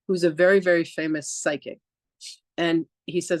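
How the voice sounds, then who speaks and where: A woman reverend hosting a podcast tells a personal story at a moderate pace, acting out the dialogue in casual chat. Her voice is low with fairly even intonation, and there's no echo. She's chatty, leaning on "like" and frequent restarts.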